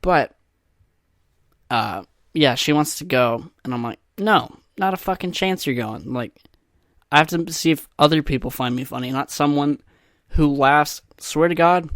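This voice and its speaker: Young male solo podcaster, mid-pitched, crude rambling humor, dry booth-like sound. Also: no room sound. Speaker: podcast host. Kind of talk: solo casual podcast monologue. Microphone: podcast microphone.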